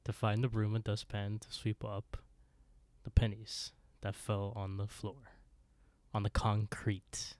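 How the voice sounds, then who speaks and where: Slow, low-voiced man in a dry room. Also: completely flat delivery, a little mellow, dry recording. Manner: laid-back, easily amused, dry asides. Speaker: podcast co-host. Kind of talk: casual recap chat.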